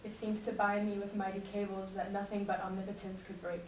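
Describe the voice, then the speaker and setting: A woman speaks in an earnest, measured way, presenting and then reading a letter aloud. Her voice sits at an ordinary middle pitch and comes from some distance away from the microphone. The room is echoey, with a faint hum underneath. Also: flat delivery, darkish tone.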